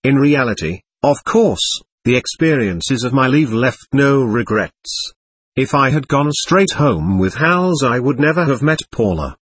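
A man narrates an audiobook in a steady first-person telling. His voice is husky, recorded dry and close to the mic, and his pitch moves freely through the lines. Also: measured pace, dry recording.

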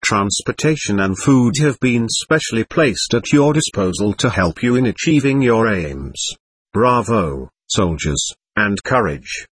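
A man's voice: on the low side, animated, a little slow, slightly rough, dry recording. A man reading as a pompous army major. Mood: rousing formal. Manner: stiff, formal speechmaking. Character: pompous German army major rallying troops.

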